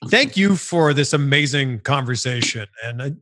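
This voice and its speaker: A man's voice: mid-range voice, expressive, normal speed, no room sound, studio quality. A man hosting an interview, thanking his guest and wrapping up with appreciation. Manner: warm, appreciative sign-off. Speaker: interview host. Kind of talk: interview host.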